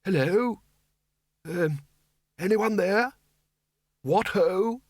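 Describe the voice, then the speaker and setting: A man's voice: high-pitched, lively intonation, very slow, no echo, studio quality, voice pushed up, heavily acted. A man doing a quavering ancient wizard. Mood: forced cheer. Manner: rambling, quavering, forced cheer. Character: doddering cheerful old male wizard.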